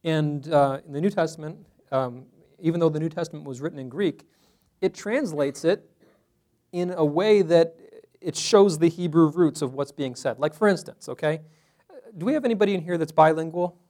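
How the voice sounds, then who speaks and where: A man's voice: fairly high pitch, normal speed, warm tone. A man teaching a Bible study class to a small group in a room, talking conversationally and asking the group questions.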